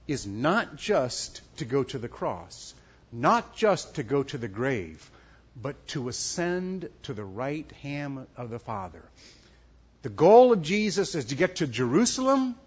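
Middle-aged male pastor preaching; animated, emphatic, a little husky, dull lo-fi recording. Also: a little high. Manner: animated, emphatic preaching with sudden soft drops. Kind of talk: sermon. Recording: dull lo-fi sound.

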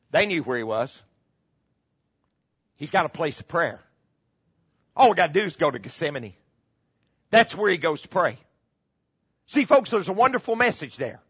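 A middle-aged male pastor preaching a sermon, repeating key phrases and dropping into hushed tones. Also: high-pitched, big pitch swings, normal speed, pauses often, husky. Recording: muffled, slightly lo-fi.

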